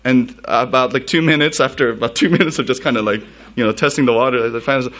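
A man's voice: medium pitch, quick pace, a bit bright. A man from the United States, a pastor giving a sermon in a casual storytelling way, full of fillers and laughs.

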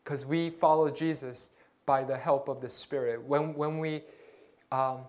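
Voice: medium pitch, steady tone, a little slow, a little mellow. A pastor preaching a sermon, earnest and exhorting, often repeating words while searching for the next phrase.

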